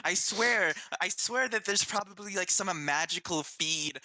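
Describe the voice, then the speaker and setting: Bright eager man playing a game. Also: high-pitched, a little slow, slight background noise. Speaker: player. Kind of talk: casual in-character game chat.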